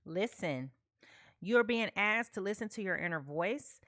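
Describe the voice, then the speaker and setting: A woman's voice: mid-range voice, lively intonation, unhurried, a bit bright, no echo, studio quality. A woman giving a live tarot reading, chatty, often checking in with "okay?" and talking to her viewers. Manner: chatty, repeats "okay?" often, talks to chat. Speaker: tarot reader.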